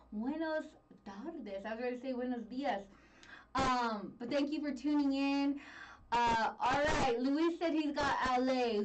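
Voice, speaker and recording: A woman's voice: high voice, distant mic, poor audio. A woman hosting a casual live stream, chatty and upbeat, greeting viewers by name. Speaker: livestream host. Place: Denver, Colorado.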